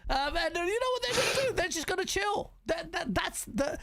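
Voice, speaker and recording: A man hosting a gaming podcast in casual chat, ranting in an animated way, swearing freely and stumbling over restarts. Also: very high voice, brisk, vocal fry.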